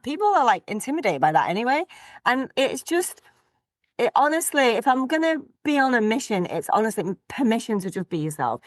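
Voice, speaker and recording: A middle-aged woman, a podcast guest telling stories in a blunt, direct, lively way. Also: on the high side, a little fast, no room sound. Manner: blunt, direct, animated storytelling. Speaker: podcast guest, business coach. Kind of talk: casual interview chat.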